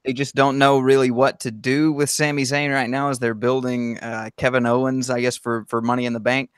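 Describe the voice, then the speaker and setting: A man co-hosting a casual podcast chat, joking and laughing between quick asides. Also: mid-range voice, flat delivery, smooth, dry recording, clean studio sound. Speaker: podcast co-host.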